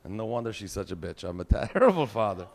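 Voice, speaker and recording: A man's voice: on the low side, sing-song, quick pace, gravelly, a little hiss or hum. A man in his forties with a Quebec French accent, doing a profane, exasperated stand-up rant. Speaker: stand-up comedian. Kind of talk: stand-up routine.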